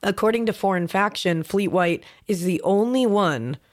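A woman with a mid-range voice and moderate pace explains a crime case to her podcast co-host. Her telling is casual and story-driven, sprinkled with lots of fillers.

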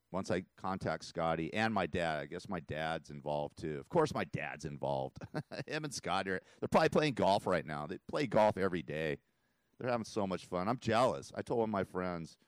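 Deep-voiced rambling radio host, man. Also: clear, resonant tone, no room sound. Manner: rambling, emotional, laughs often. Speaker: radio talk show host. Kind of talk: casual talk radio monologue. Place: radio studio. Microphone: studio mic.

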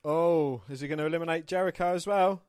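A man's voice: a little high, quick pace, darkish tone, clear, resonant tone, dry recording. A man co-hosting a wrestling podcast, chatting and chiming in with short calls. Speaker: podcast co-host. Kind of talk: casual wrestling commentary.

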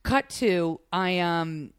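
A woman comedian hosting a casual chat, telling an animated, excitable story with many restarts. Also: fairly low pitch, very slow, clean tone, no room sound, studio quality. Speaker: comedian podcast host.

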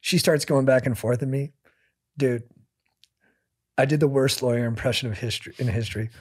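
A man hosting a podcast, telling stories in an animated, casual way and saying "dude" a lot. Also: mid-range voice, a little fast, husky. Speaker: podcast host.

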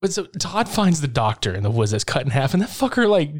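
A man in casual chat, recapping a horror film with lots of swearing and laughter, acting out lines in quick impressions. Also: fairly high pitch, big pitch swings. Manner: profane, laughing, acts out scenes in quick impressions. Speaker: podcast co-host recapping a film.

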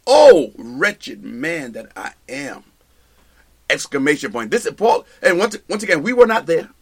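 High-voiced emphatic male Bible teacher. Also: a bit bright. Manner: repetitive, emphatic, restarts phrases; addresses listeners directly with "okay?". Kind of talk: live Bible study teaching.

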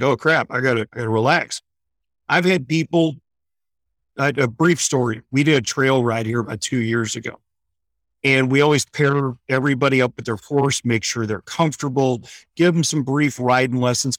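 A man tells a story in a relaxed, chatty way on air. He jumps into the people he quotes. The sound is dry and close, with no room echo. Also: mid-range voice. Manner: animated storyteller, acts out quotes. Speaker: guest running horse programs for veterans.

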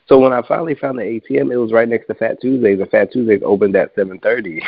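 A man's voice: fairly low pitch, fast, vocal fry, dry recording. A man in casual chat who tells stories with energy, acts out what other people said, and swears freely. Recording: dry, thin phone-like sound.

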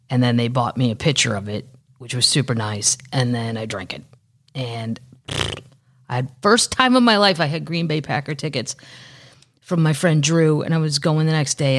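A woman's voice: deep voice, vocal fry. A middle-aged woman hosting her own podcast, chatting casually with wry, rambling asides. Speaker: podcast host. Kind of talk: casual solo chat.

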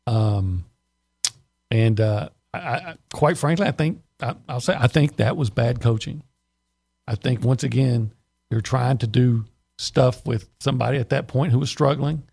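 A man with a gravelly, slightly husky voice breaks down a football game on sports radio. He is blunt and opinionated and often trips over his own restarts. His pitch sits in a middle range. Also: measured pace, a little mellow. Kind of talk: casual sports analysis. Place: radio studio.

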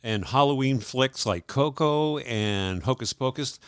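A man co-hosting a morning radio show, chatting casually, laughing easily and filling pauses with "uh". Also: medium pitch, smooth, no room sound, studio quality. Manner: chatty, laughs often, lots of uh fillers. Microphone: studio mic.

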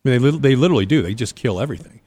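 A man's voice: medium pitch, rapid-fire, no echo. A man co-hosting a podcast, telling a story in casual chat and acting out the voices of the people in it. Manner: animated, acts out voices in his stories. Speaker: podcast co-host.

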